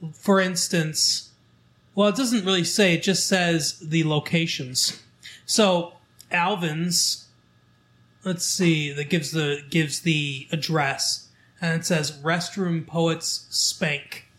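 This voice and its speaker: A man's voice: fairly high pitch, fairly even intonation, a bit bright. Man casually reading a newspaper aloud. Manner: reads aloud with halting fillers and restarts. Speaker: local show host.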